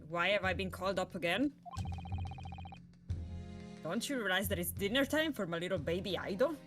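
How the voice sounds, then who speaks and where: A woman voicing a fussy, indignant parent of a hungry boy, complaining fast. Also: mid-range voice, lively intonation, music in the background, lightly acted.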